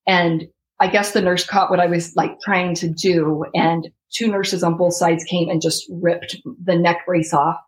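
A woman's voice: lowish voice, little pitch movement, unhurried, low-quality recording. A woman in her thirties telling her personal story as an interview guest, reliving her own past words.

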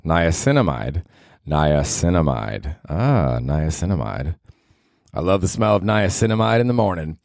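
A man's voice: deep voice, animated, normal speed, creaky, a little mellow, dry recording, studio quality. A man hosting his own podcast, talking in a rambling, profane, self-mocking comedic monologue. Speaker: podcast host.

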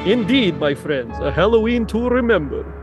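A man's voice: sits high, sing-song, normal speed, over music. Give me a man playing a grand, cheery cartoon vampire who stretches every word.

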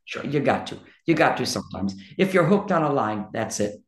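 A woman's voice: very deep voice, big pitch swings, brisk, echoey room. A woman being interviewed about her writing, talking in an emphatic, blunt and outspoken way. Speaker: interview guest, poet and songwriter. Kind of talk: candid conversational interview.

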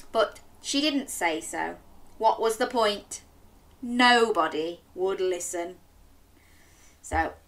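A woman reads an interactive story to young children, coaxing them to join in. Her voice is bright and swoops up and down in a sing-song way, and she takes it slowly. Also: mid-range voice.

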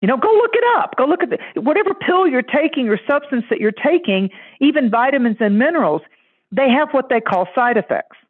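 A man with a high-pitched voice chats loosely and tells stories, slipping into the voices of people he quotes. His voice comes through a thin, narrow line, as if over a phone. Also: a little fast, husky. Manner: animated, acts out quoted voices. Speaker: podcast guest. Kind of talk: casual storytelling chat.

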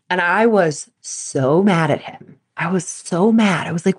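A woman's voice: on the low side, expressive, quick pace. A woman in her thirties hosting a solo podcast, talking candidly to sports parents and acting out her younger self in quotes. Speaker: podcast host, performance coach.

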